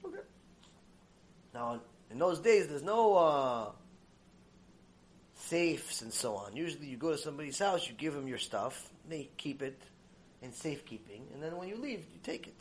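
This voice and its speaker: Male religious teacher, emphatic storyteller, high and very expressive. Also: normal speed, slight background noise. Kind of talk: recorded Torah lecture with storytelling.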